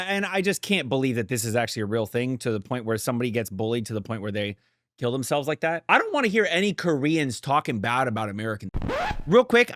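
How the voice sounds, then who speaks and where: A man's voice: on the high side, a bit bright, dry recording, clean studio sound. A young man hosting a reaction video, talking casually, blunt and profane, often swearing and getting worked up. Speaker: reaction channel host.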